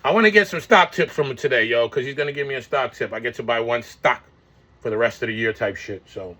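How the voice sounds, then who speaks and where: A man's voice: mid-range voice, quick pace, sharp tone. A man in his forties talks to his viewers in a casual vlog, rambling, swearing and full of slang. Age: 40s. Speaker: vlogger. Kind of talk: casual monologue.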